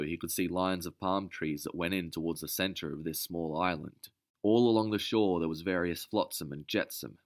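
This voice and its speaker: A male narrator with a very low voice that still carries a bright, forceful edge. He reads the scripted adventure tale steadily and measuredly, each sentence carefully paced.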